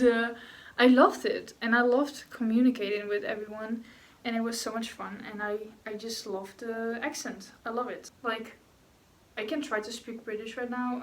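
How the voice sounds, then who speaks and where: A woman's voice: fairly high pitch, far from the mic. A young woman chatting casually and rambling while she paints, answering viewer questions with giggles. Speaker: vlogger. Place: room at home. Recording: echoey room, voice off-mic.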